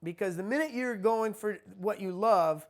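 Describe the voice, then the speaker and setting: A man's voice: high voice, normal speed. A man teaching a spiritual lesson in a conversational, repetitive way. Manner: conversational, repeats himself, acts out quoted people.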